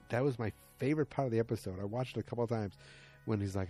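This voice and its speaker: A man casually retelling a TV episode, acting out the characters' lines in quick shifting voices with lots of fillers. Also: on the low side, warm tone, faint music behind. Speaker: show recapper.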